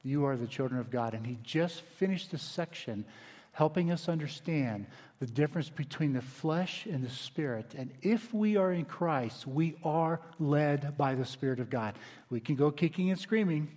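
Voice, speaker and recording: A male pastor preaching a sermon in a relaxed, conversational way, dropping his voice low for emphasis. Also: normal speed, in a large hall. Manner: conversational, dynamic preaching with quiet emphatic drops. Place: church sanctuary.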